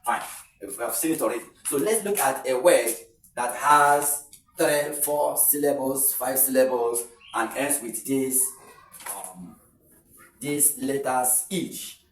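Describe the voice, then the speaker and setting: A man's voice: mid-range voice, soft background music. Nigerian man teaching pronunciation, echoey room. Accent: Nigerian English. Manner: explains slowly, repeats words and drawls them out. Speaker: English teacher. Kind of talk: online pronunciation lesson. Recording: echoey room, voice a bit far from the mic.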